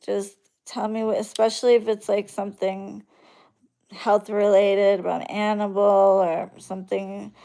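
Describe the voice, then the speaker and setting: A woman from Florida, a spiritual practitioner, tells her clients a story in a blunt, profane and animated way. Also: medium pitch, unhurried, gravelly. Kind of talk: casual storytelling monologue.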